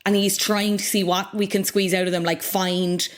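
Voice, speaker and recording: A woman, co-hosting a podcast and recapping a show in an animated, jokey way. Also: mid-range voice, moderate pace. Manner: animated, jokey, self-deprecating. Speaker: podcast co-host. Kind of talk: casual recap chat.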